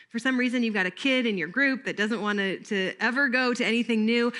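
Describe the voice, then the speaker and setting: A woman's voice: on the high side, brisk, hardly any pauses, pushed and bright. A woman giving a recorded training talk in an upbeat, playful teaching manner.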